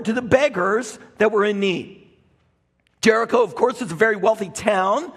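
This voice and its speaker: A man's voice: sits high, breathy edge. A man preaching a sermon as a pastor, dramatic, crying out quoted lines at full voice. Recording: long hall reverb.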